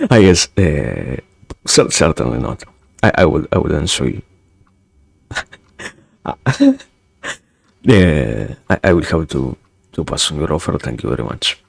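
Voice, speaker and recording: A man streaming casual chat, halting and repeating his words, with dry jokes. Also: very deep voice, big pitch swings, gravelly, slightly rough, no echo. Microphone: streaming mic.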